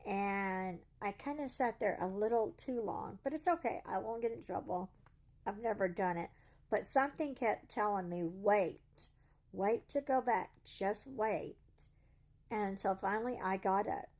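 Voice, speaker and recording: A woman's voice: medium pitch, normal speed, darkish tone. A woman, earnestly telling a story to camera in a casual vlog and quoting what people said. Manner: earnest, retells dialogue in quotes. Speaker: vlogger.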